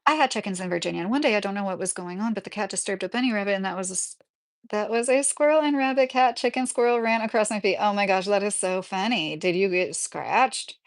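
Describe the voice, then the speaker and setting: A woman's voice: medium pitch, quick pace. A woman hosting a casual live stream from her rural home, rambling through stories with lots of fillers as she answers her chat. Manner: chatty, rambling, with frequent fillers.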